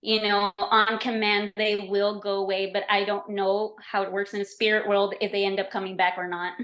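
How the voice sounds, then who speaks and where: A woman's voice: medium pitch, little pitch movement, normal speed, fairly bright tone. A woman who is a podcast guest, chatting casually and explaining with lots of "like" and "you know". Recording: roomy, echoey remote recording.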